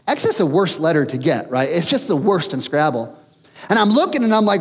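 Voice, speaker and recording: A man delivers a sermon in a church. His high voice leaps around as he tells a self-mocking story. A long reverb trails behind every line. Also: big pitch swings, fairly quick. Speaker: pastor.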